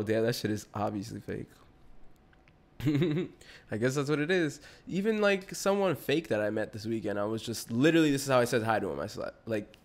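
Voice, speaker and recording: A man's voice: mid-range voice, expressive, moderate pace. A young adult man hosting a podcast solo, rambling in a slangy, profane, casual way. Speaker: podcast host.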